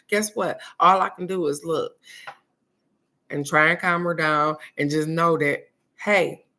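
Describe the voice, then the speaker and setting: A woman's voice: on the low side, sharp tone. A middle-aged woman host gives casual spoken advice in a blunt, preachy way and swears freely.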